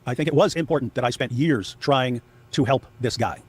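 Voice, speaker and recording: A man's voice: medium pitch, brisk, a little mellow, breathy edge. A man giving casual video commentary, emphatic and often repeating himself. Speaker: online commentator.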